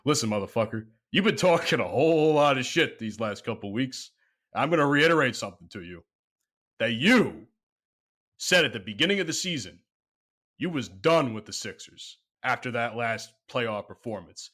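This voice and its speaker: Man, bright forceful voice, profane heated trash talk, casual sports podcast banter. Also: a little high, very animated, moderate pace. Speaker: podcast co-host and editor.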